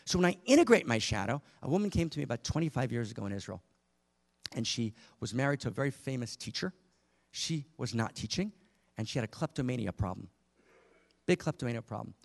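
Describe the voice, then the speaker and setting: A man's voice: mid-range voice, big pitch swings, fast, vocal fry. A man giving an impassioned spiritual teaching talk to a live audience in a room, asking many rhetorical questions.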